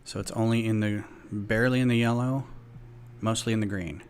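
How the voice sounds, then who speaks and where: A man's voice: fairly low pitch, steady tone, fairly quick. Chatty man hosting a live stream. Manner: chatty, thinks aloud, jokey asides. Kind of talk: casual live-stream chat. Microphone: desktop USB microphone close to the speaker. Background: ambient music from a laptop.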